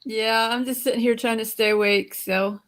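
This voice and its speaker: A woman's voice: fairly high pitch, normal speed. Tired woman rambling casually. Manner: rambling, relaxed, self-correcting. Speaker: guest on a live stream. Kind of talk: casual chat.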